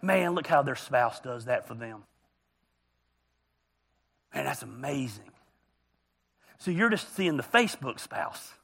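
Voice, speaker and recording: A man's voice: medium pitch, lively intonation, slow, gravelly, long pauses, a bit bright, slightly rough. A man preaching a humorous, storytelling sermon as a pastor, joking and teasing his congregation. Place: church auditorium.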